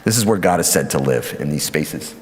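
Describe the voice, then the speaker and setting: A man giving a church lecture on scripture, lively and conversational with many fillers and asides. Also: rumbling low, brisk. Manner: lively teaching with fillers and acted quotes. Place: church hall. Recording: hall reverb.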